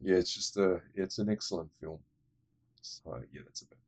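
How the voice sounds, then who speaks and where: Speaking in a low voice at a normal pace, this male vlogger recaps a movie's story for his film-ranking channel. His delivery is offhand, full of digressions, blunt and profane.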